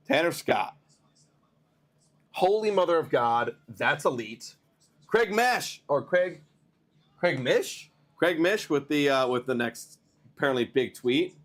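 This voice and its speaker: A man hosting a live baseball stream, chatting to viewers and reading trade news in a rambling, excitable way while tired. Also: fairly high pitch. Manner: excitable, rambling, talks to chat. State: tired, yawning. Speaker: baseball livestream host.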